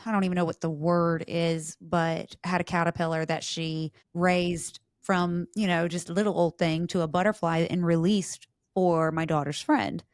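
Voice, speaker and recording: A woman hosts a relaxed interview, talking in a lower register and bursting into high, playful quoted voices. She laughs often. The sound is dry and close, with no room around her. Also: normal speed, few pauses, no room sound. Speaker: podcast host. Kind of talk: casual conversational interview.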